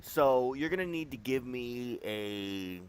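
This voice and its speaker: A man narrating as game master of a tabletop game, loose and chatty, acting out quick quotes as he describes the scene. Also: mid-range voice, smooth. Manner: animated, loose, full of "like" and acted-out quotes.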